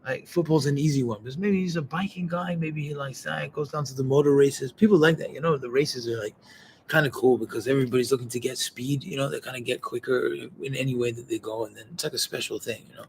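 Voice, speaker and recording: A man talking in a loose, rambling monologue, swearing and quoting other people in quick voices. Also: mid-range voice, steady tone, slight background noise.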